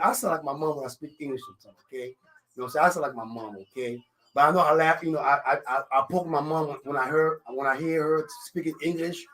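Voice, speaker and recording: A man's voice: a little high, a bit bright. A man from Africa with a French accent, hosting a live radio talk show in a studio and chatting casually, with filler phrases in nearly every line. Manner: rambling, constant "you know what I'm saying" fillers; confident, jokey. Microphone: studio microphone.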